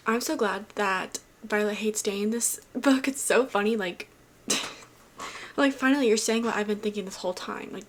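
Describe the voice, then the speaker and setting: A chatty woman book vlogger who talks in a gushing, rambling way, filling her sentences with fillers as she thinks aloud. Her voice sits at an ordinary middle pitch, and faint noise hums behind her. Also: moderate pace. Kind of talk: casual chat.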